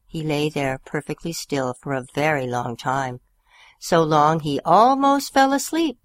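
A woman hosts a small radio show and reads a children's story aloud. Her voice sits low but swings widely as she tells it, and the sound is close and dry. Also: measured pace, dry recording. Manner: expressive storyteller, gentle and warm. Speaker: radio host reading stories. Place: community radio studio.

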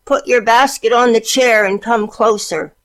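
A woman's voice: a little high, steady tone, measured pace, pitched above the performer's own voice. A woman voicing a sly, hungry male wolf who speaks in a falsely pleasant, coaxing way, in a storybook reading. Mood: falsely sweet.

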